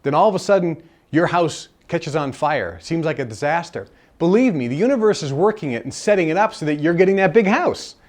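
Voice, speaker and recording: A man's voice: fairly high pitch, expressive, brisk, hardly any pauses. Earnest man teaching a live seminar. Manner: earnest, repeats key phrases for emphasis. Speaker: seminar speaker. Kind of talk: live self-help seminar talk. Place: seminar room with a live audience.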